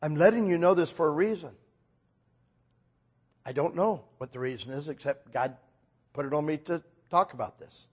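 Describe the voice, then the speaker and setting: A man preaching a sermon in a relaxed, conversational way, acting out both sides of his stories. His voice is somewhat husky and sits a bit higher than most men's, and now and then he bursts into a loud, raised delivery. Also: normal speed, pauses often. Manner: conversational, acts out dialogue with sudden loud outbursts.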